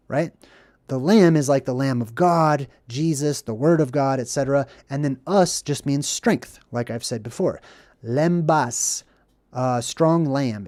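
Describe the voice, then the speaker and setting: A man's voice: a little high, a little mellow, no room sound. Earnest preachy guy explaining movie symbols, keeps saying right? okay?, dry sound. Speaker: host. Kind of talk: film symbolism commentary.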